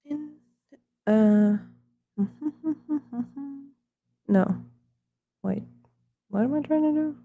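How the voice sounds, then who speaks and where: A woman's voice: medium pitch, extremely slow, gravelly, pauses often, dry recording, phone-quality sound, faint music behind. A woman chatting casually on a live stream while she draws, rambling and talking to herself in murmured asides.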